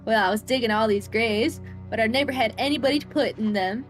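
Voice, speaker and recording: A woman reading as a calmly offhand gravedigger. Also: on the high side, a little fast, soft background music, lightly acted. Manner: offhand, reasonable-sounding, eerily empty. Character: offhand cheerful female gravedigger, calmly burying a friend.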